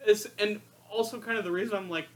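A man's voice: high voice, steady tone, quick pace. A man co-hosting a casual film discussion, thoughtful and hedging as he builds his argument.

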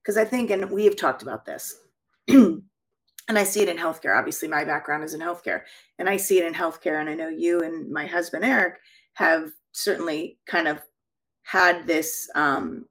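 A woman's voice: sits low, moderate pace, a bit bright. A woman co-hosting a talk show, with a background in healthcare, speaking in a reflective, affirming way. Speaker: podcast co-host with a healthcare background. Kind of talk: casual conversation.

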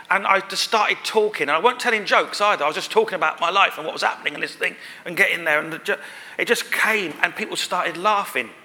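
A man's voice: high-pitched, sharp tone. A man, a guest at a live podcast recording, telling a rambling, self-deprecating story on stage. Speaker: guest performer. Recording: live venue with long reverb.

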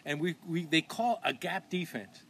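A middle-aged man swapping old football stories with friends, animated and swearing freely as he acts out the coaches. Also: on the high side, moderate pace, slightly rough. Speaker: podcast host. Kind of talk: casual storytelling among old friends.

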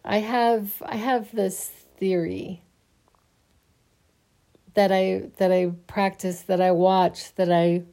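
A sleepy, yawning woman musing on faith in a halting, casual way, often restarting her sentences. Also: medium pitch, flat delivery. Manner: slow, halting, restarts often, soft laughs.

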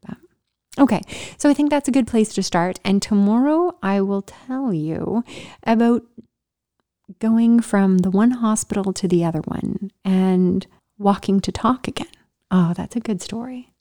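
Animated woman telling a personal story. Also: mid-range voice, measured pace. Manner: animated, laughing, drops into whispers for emphasis. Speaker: vlogger.

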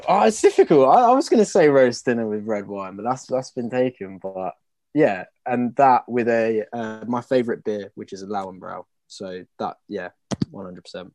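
A young man in a band, chatting casually in an interview, rambling and trailing off softly at the ends of thoughts. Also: on the low side, animated, normal speed, dry recording. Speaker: band member.

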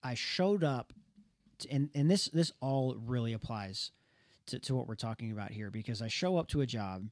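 A man's voice: mid-range voice, animated, moderate pace, no room sound, studio quality. A young man co-hosting a casual talk, telling a personal story earnestly with many restarts. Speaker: podcast co-host.

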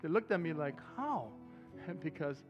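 A man preaching a sermon as pastor, talking to the congregation in a relaxed way and breaking into loud excited bursts. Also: fairly high pitch, moderate pace, highs cut off, music in the background.

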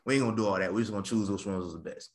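A man's voice: lowish voice, very fast. A man hosting a wrestling podcast, switching between casual chat and mock-grand announcer flourishes. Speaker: podcast host.

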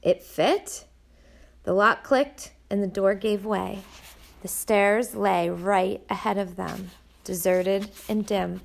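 A woman narrating an audiobook in a measured storytelling manner. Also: mid-range voice, steady tone, vocal fry.

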